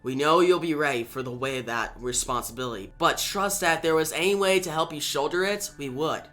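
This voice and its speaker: A stern, impatient superhero leader woman, read aloud by a man in a comic recap. Her voice sits a little high and bright, with sharp edges, and faint music runs underneath. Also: brisk. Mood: urgent.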